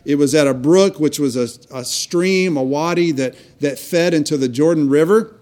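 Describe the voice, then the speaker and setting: A man's voice: on the high side, moderate pace, a little mellow. A man preaching a sermon, telling a story earnestly with frequent restarts. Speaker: pastor.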